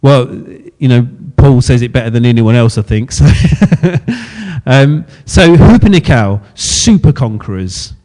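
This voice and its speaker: A man's voice: mid-range voice, animated, a little slow, warm tone. A man preaching a sermon in a chatty, self-deprecating way, laughing often at his own slips.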